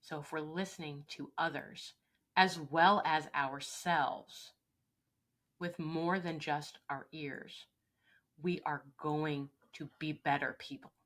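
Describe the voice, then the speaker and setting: A woman coach talking in an interview with a bright, forceful voice pitched a bit low. She speaks earnestly and with emphasis, and she often acts out short everyday exchanges to make her point. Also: steady tone, takes it slowly. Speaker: leadership coach, guest. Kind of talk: interview conversation.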